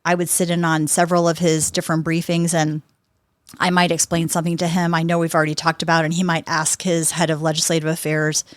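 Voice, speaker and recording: A woman in her fifties, a guest on a podcast, telling lively anecdotes and acting out what people said. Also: deep voice, quick pace, no room sound, clean studio sound. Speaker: podcast guest, sports executive. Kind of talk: conversational interview storytelling.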